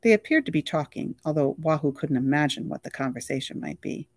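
An audiobook reader narrating a novel in a steady, even storytelling voice. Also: mid-range voice, brisk, vocal fry, no room sound, studio quality.

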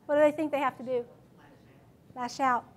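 A woman with a high voice presents a classroom management workshop to fellow teachers. She talks in a matter-of-fact way and keeps putting questions to her audience. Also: steady tone, moderate pace.

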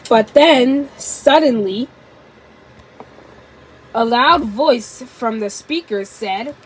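A woman narrating a children's story aloud in a halting way. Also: fairly high pitch, a little hiss or hum, poor audio. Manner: halting, with restarts.

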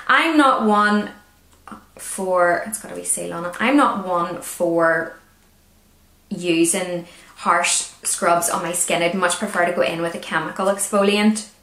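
A woman's voice: fairly low pitch, a little slow, a bit bright. Chatty Northern Irish woman, roomy echo. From Northern Ireland. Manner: chatty, with wry asides. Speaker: beauty product reviewer. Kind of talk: casual product review vlog.

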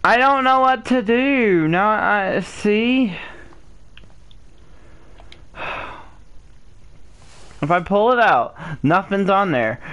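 Frustrated woman gamer, swooping pitch. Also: expressive, very slow, long pauses, fairly bright tone. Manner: frustrated, whiny, pleading with viewers. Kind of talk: let's-play commentary.

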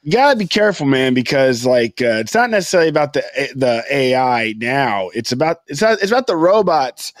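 A man's voice: medium pitch, very animated, a little fast, hardly any pauses, no room sound. A man co-hosting a casual podcast, joking and rambling, with some swearing. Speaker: podcast co-host. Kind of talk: casual chat.

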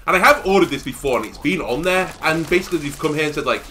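A young man giving casual let's-play commentary, telling stories in an animated way that rises to exasperated shouts. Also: on the high side, fast talker, few pauses, a little hiss or hum. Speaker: gaming YouTuber.

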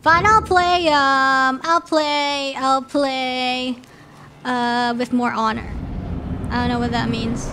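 A woman's voice: high voice, steady tone, takes it slowly, shouting, heavy background noise. A woman streaming a video game, chatting playfully and teasing, laughing often and breaking into sudden squeals. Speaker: virtual streamer. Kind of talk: casual gameplay commentary. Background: game music.

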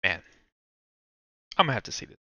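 A man's voice: brisk, pushed and bright, no room sound, muffled recording. A man talking to himself as he ranks movies, rambling and swearing in casual commentary. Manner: rambling, swearing, self-talk. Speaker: movie ranking streamer. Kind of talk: casual thinking-aloud commentary.

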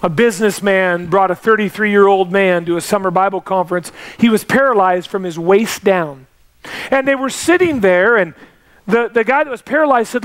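A man's voice: moderate pace, a bit bright, smooth. A man preaching a sermon as pastor, telling stories and pressing each point with repetition. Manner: emphatic preaching with repetition and rising pitch.

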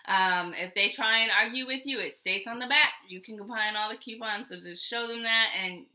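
Middle-aged woman vlog host, casual and rambling, laughs easily; high-ish, very bright voice. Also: normal speed. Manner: chatty and rambling, laughs often. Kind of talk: casual haul chat.

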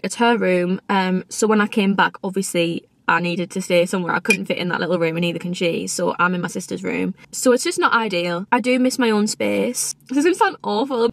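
A woman's voice: medium pitch, no echo. A chatty woman, rambling casually to camera from inside a car, often laughing. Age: 20s. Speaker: vlogger. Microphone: phone or camera in a car.

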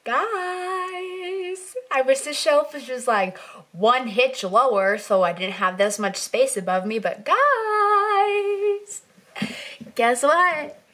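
A young adult woman chatting excitedly in a casual reading vlog, with lots of "like" fillers. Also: mid-range voice, moderate pace. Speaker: book vlogger.

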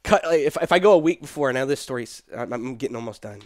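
A man's voice: medium pitch, quick pace, no room sound. Man telling a story, dry sound. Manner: animated, quotes people in his story, laughs between. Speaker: guest telling his story. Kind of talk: casual storytelling.

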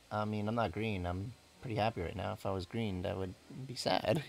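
A man's voice: on the low side, fairly even intonation, fairly quick, vocal fry. A man giving casual, rambling commentary while he plays a game, often correcting himself and laughing at his own slips. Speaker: let's play gamer.

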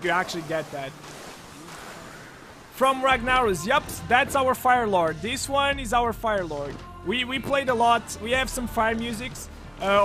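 A man commentating his own gameplay on a live stream, thinking aloud with lots of fillers and breaking into loud, excited shouts. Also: high-pitched. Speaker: game streamer.

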